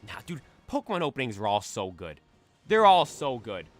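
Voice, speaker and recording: A young man streaming casually, chatting excitedly and belting out theme songs. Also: mid-range voice, normal speed. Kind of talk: casual chat while shiny hunting.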